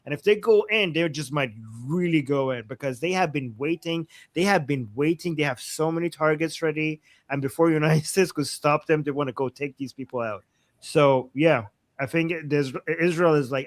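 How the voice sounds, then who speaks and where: Animated, opinionated man on a dry mic. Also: a little high, normal speed, dry recording. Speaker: co-host. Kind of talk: casual live news commentary.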